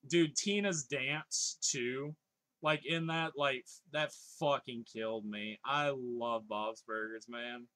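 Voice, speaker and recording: A man's voice: mid-range voice, fairly even intonation, takes it slowly, bright, forceful tone. A man in his thirties streaming live, chatting casually, reading viewers' comments aloud and laughing often.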